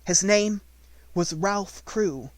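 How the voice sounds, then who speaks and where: A man reading an audiobook and voicing a quiet, grave orphaned little girl in a raised, soft, steady voice. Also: high-pitched, very slow, voice pushed up.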